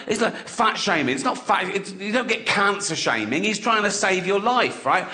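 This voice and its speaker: A man's voice: high voice, noisy background. An English man performing a sardonic stand-up routine, acting out characters and often laughing at his own jokes. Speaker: stand-up comedian.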